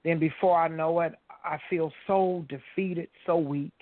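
A woman's voice: sits low, steady tone, unhurried, no room sound. A woman guest on a radio talk show, earnestly telling a personal faith story and speaking straight to the listeners. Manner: earnest, storytelling, addresses listeners as you guys. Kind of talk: casual faith testimony. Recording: tinny phone-like line.

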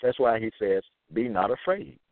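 A man reading scripture verses aloud and commenting on them, slowly repeating phrases with fillers between them. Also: lowish voice, very animated, dry recording. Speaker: self-styled preacher. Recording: tinny phone-like line.

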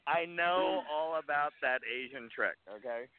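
A man's voice: fairly high pitch, unhurried. A man co-hosting a podcast, teasing the others with wisecracks. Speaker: podcast co-host. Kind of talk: casual chat. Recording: tinny phone-like sound, loud crowd noise.

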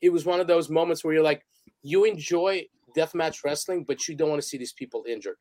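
A man with a fairly high voice talks as a podcast guest, rambling through stories with lots of energy. He acts out the quotes as he goes. The sound is dry and close, with no room echo. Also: fairly quick. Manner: animated, rambling storyteller. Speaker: guest photographer and director. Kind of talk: casual podcast interview.

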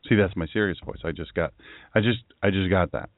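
A man's voice: low-pitched, brisk, no room sound. A man from the US East Coast, a pastor hosting his own talk show, joking sarcastically and slipping into mock-serious asides, his throat tired and sore. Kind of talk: solo talk-radio monologue. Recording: dry, phone-like narrow sound.

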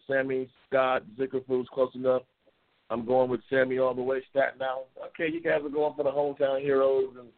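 A man hosting a casual live-stream chat, loose and excitable, repeating himself and reading viewer comments. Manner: loose, excitable, repeats himself, bursts into high-pitched race calling. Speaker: talk show host reading viewer comments. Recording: tinny phone-like lo-fi audio.

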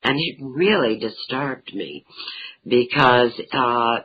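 A woman's voice: very deep voice, muffled recording, a little hiss or hum. A middle-aged woman, an author being interviewed, telling humorous family anecdotes. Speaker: author and talk show guest. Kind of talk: interview storytelling.

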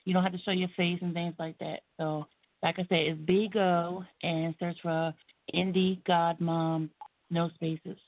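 A woman's voice: lowish voice, level tone. A woman on a call-in show explaining how to find her live stream, spelling and repeating the details. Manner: spells things out slowly, repeats instructions. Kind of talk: casual call-in chat. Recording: tinny phone line, dry.

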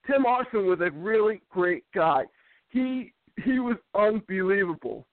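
A man with a high voice tells stories in a loose, rambling way, tripping over restarts and repeating himself. He comes through a thin, phone-like line. The sound is dry, with no room around it. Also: lively intonation, unhurried, no room sound. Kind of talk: casual chat.

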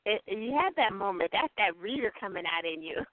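A woman hosting a chat show over a video call, relaxed and encouraging as she listens. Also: medium pitch, fairly quick, no room sound. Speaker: host. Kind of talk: casual chat. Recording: dry phone-like call audio.

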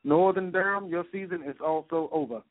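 A man hosting a sports segment on a radio show, reeling off scores quickly and dropping "man" between items. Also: a little high, no echo. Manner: rapid score rundown, peppered with "man". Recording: tinny phone-line sound with faint music.

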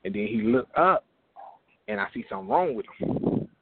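A man tells a profane comic story, jumping in and out of voices. His voice is husky, and his pitch swings widely. The sound is dry and comes through a thin, tinny phone line. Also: lively intonation, moderate pace, no echo. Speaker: open mic comedian calling in.

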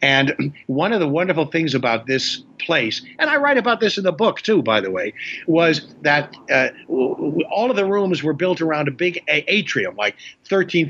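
An older man telling career stories in a loose, halting way. He trips over his words and starts sentences again, and his voice sits slightly high. The recording sounds muffled and lo-fi. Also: pushed and bright, breathy edge. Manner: halting, with many restarts and fillers. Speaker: guest comedian. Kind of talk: casual storytelling.

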